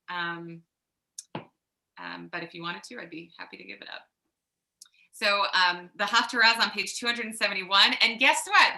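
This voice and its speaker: A woman with a Long Island accent leading a Shabbat service, teaching in a chatty way with many pauses and chanting Hebrew. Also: medium pitch, roomy sound. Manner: chatty, many ums, warm teaching asides. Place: synagogue sanctuary.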